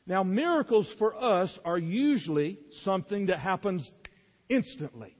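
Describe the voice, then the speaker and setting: High-voiced preacher in a reverberant church. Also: male voice, expressive, measured pace, lo-fi sound. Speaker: pastor. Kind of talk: sermon.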